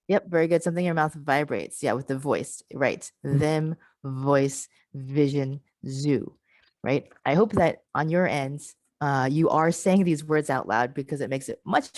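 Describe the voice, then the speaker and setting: A deep, slightly mellow female voice leads a pronunciation workshop online, repeating sample words with patience and cheering the participants on. The recording is dry and of low quality.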